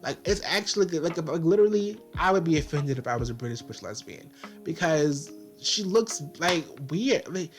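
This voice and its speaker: A man's voice: on the high side, animated, moderate pace, faint music behind. Sassy man ranting in a review. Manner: sassy, filler-heavy, exasperated ranting. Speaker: TV show reviewer. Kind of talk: casual video review.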